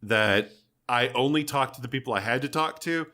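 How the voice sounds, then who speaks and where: A man's voice: mid-range voice, moderate pace, sharp tone. A man co-hosting a casual gaming podcast, talking in a laid-back, rambling way with lots of fillers. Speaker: podcast co-host.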